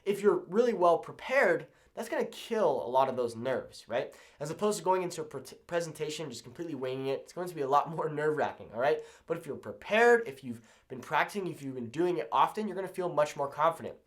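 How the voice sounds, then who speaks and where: An upbeat young man teaching to camera, his voice swinging widely in pitch and sitting a little high. He keeps a casual, encouraging tone and ends point after point with "okay?". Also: lively intonation, quick pace, hardly any pauses. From Southern California. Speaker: language learning YouTuber.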